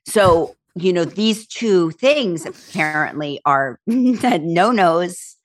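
A woman's voice: lowish voice, extremely slow. A woman talks casually as an interview guest. She tells her stories with energy, acting out voices and laughing often. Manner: animated storyteller, acts out voices, laughs often. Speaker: talk show host and author, guest.

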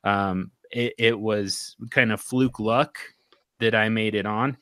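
A man's voice: fairly low pitch, fairly even intonation, slow pace, bright, forceful tone, dry recording. A man hosting a casual podcast conversation, joking and teasing his co-hosts with plenty of fillers. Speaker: podcast host.

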